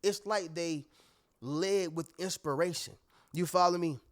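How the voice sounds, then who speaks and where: Speaking a little slowly in a slightly high voice, a man delivers a motivational talk directly to viewers. His tone is preachy and emphatic, and he often makes sure his audience is keeping up.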